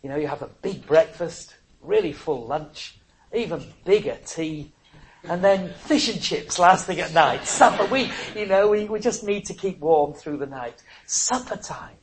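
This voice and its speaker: An older preacher giving a sermon, swinging between soft pleading and loud exclamations, with frequent chuckles. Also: medium pitch, expressive, a little slow, a little hiss or hum, poor audio.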